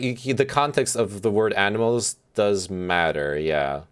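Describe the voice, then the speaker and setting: A man hosting a stream, giving casual commentary on a played speech in a halting way, with many fillers and restarts as he thinks aloud. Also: fairly low pitch, slight background noise. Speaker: streamer host.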